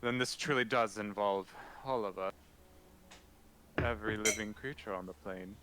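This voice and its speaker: A man voicing Melfor, a stately older noble who speaks formally and gravely in a tabletop game. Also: lowish voice, steady tone, normal speed, very noisy, lightly acted.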